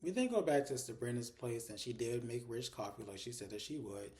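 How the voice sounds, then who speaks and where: A man's voice: mid-range voice, lively intonation, a little fast, darkish tone. A man giving a casual recap of a TV episode, voicing the characters' lines as he retells the scenes and swearing now and then. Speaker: TV episode reviewer.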